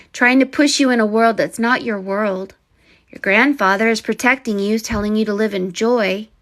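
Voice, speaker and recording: A woman giving a live psychic reading, earnest and rambling, with many fillers and restarts. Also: on the high side. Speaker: psychic reader.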